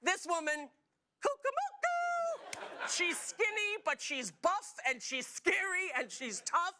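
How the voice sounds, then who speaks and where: A woman's voice: extremely high pitch, animated, unhurried, noisy background. A middle-aged woman hosting a talk show, telling jokey stories to a studio audience. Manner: chatty, jokey storytelling with frequent laughs.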